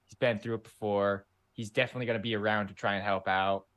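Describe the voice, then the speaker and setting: A man's voice: lowish voice, steady tone, quick pace, fairly bright tone. A man who plays in a tabletop game chatting casually, rambling and stopping to correct himself. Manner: rambling, stop-start, self-correcting. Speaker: player. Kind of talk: casual chat.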